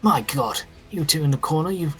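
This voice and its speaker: A man's voice: a little high, animated, brisk, faint music behind, lightly acted. A man doing a fussy, chattering smoke raven. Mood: flustered. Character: fussy, overly polite male smoke raven messenger.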